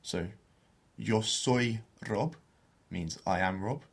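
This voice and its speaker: A man co-hosting a beginner Spanish podcast, explaining phrases and slowing down to model pronunciation. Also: on the low side, gravelly, breathy edge. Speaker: podcast co-host teaching Spanish.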